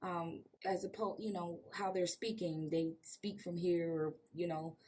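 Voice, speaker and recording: A woman's voice: lowish voice, steady tone, measured pace, warm tone, slight background noise. An American woman hosts a casual interview over a video call. She rambles, thinks aloud and laughs often as she talks. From United States. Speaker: podcast host. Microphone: remote call on video.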